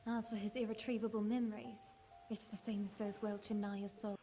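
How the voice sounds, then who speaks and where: A woman with a British accent voicing a composed, mysterious woman who speaks in a calm, grave, measured way in an anime dub. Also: medium pitch, faint music behind, natural voice.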